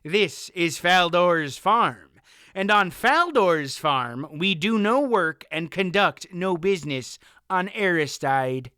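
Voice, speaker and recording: A man voicing a stubborn, pious older male farmer who speaks firmly and flatly. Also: sits high, slow pace, smooth, no room sound, clean studio sound, voice pushed up, full character voice. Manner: firm, flat, stubborn.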